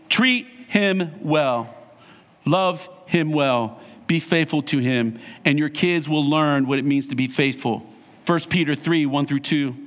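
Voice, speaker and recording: A man's voice: a little high, expressive, slow, a bit bright. A male pastor preaching a sermon emphatically, repeating short phrases for emphasis.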